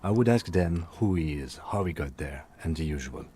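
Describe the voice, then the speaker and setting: A man's voice: a bass voice, lively intonation, normal speed, mellow, a little hiss or hum, voice pushed down. A man voicing a reserved, curt police lieutenant in a video game. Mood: dry. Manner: dry and curt.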